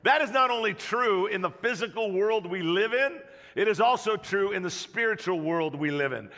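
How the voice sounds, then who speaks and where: Middle-aged pastor, animated storyteller, bright and slightly gravelly; sermon mic in a reverberant hall. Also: male voice, high voice, normal speed. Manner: animated, jokey storyteller acting out voices. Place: church auditorium. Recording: long reverb of a church hall.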